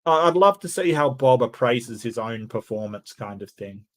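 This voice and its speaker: A man's voice: mid-range voice, animated, moderate pace. A man hosting a debate review, talking in casual, sarcastic commentary with laughing asides.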